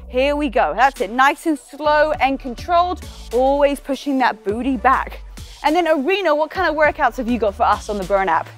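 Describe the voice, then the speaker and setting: A woman with an English accent leading a group workout, upbeat and laughing often as she counts down reps and chats with her trainers. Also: high voice. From England. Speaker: fitness instructor. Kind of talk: leading a workout, chatty cues.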